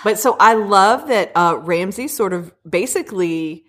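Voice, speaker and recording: A woman's voice: mid-range voice, lively intonation, a little slow, a bit bright. A woman, chatting eagerly about a romance novel and quoting its characters. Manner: enthusiastic, says "y'all", quotes characters with laughter. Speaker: podcast co-host discussing a romance novel. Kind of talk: casual book chat.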